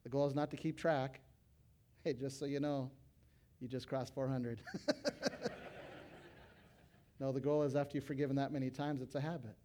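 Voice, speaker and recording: A middle-aged male pastor preaching to fellow pastors, animated, breaking into loud acted quotes. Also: mid-range voice, moderate pace, long pauses, a little hiss or hum. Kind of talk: sermon to pastors.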